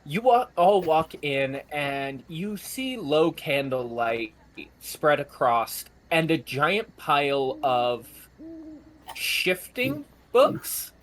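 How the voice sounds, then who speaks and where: Slow-talking young male game master. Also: on the high side, big pitch swings, a bit bright, a little hiss or hum. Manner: slow, halting narration with fillers. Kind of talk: narrating a tabletop game.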